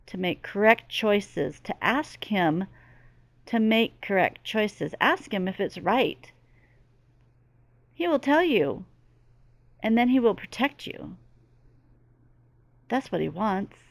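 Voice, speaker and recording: A woman's voice: on the low side, creaky, no room sound. A middle-aged woman speaking as a medium in a channeling monologue, earnest and emphatic, with lots of repetition. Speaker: spiritual medium.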